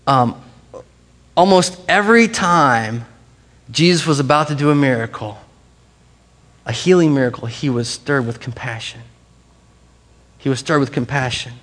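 A man's voice: medium pitch, measured pace, pauses often, a bit bright, big-room sound. A man preaching a sermon as pastor, talking casually and conversationally with frequent restarts, and playfully coaxing the congregation to repeat a word after him.

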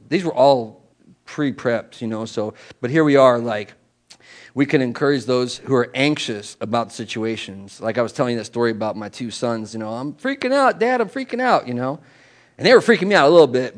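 A middle-aged man preaching a conversational sermon as a pastor, animated and chatty, with sudden jumps in pitch and volume and repeated words and asides.

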